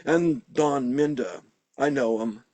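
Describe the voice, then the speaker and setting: A man's voice: mid-range voice, takes it slowly, warm tone, no echo, voice pushed up. A man reading aloud and voicing a pompous, chubby schoolboy gang boss who talks with mock politeness. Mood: smug.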